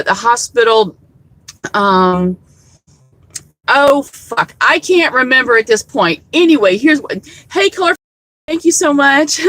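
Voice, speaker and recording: A woman's voice: on the high side, a bit bright, dry recording, poor audio. A woman vlogger telling a story to her viewers in a rambling, candid way, swearing freely. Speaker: activist vlogger.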